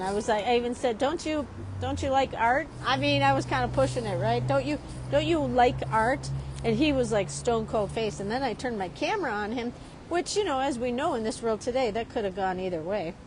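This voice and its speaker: A woman from Chicago, a drawing teacher, telling a story in a lively, chatty way while she draws. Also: mid-range voice, a little hiss or hum. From Chicago, USA. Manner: lively, keeps asking "right?".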